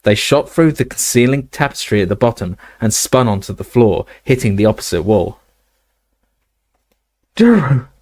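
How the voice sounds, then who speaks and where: A man narrating a fantasy novel aloud, steady, with occasional slips and restarts. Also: fairly low pitch, a little fast, hardly any pauses, no echo. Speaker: audiobook reader. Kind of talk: casual audiobook narration.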